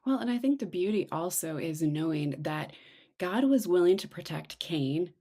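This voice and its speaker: A middle-aged woman with a fairly low voice talks through scripture in a relaxed, conversational way. She slows down and drops her volume on the points she wants to sink in. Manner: acts out quoted voices with big pitch jumps. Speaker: podcast co-host. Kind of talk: casual devotional chat.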